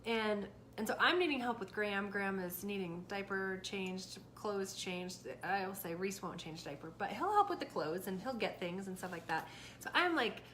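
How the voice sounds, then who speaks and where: A woman in her thirties, a mother and co-host, chatting casually and acting out what she said to her kids. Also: mid-range voice. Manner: animated storyteller, acts out yelling and quotes. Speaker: podcast co-host, mother of four. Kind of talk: casual chat. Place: small home with a crock pot running. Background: faint household noise.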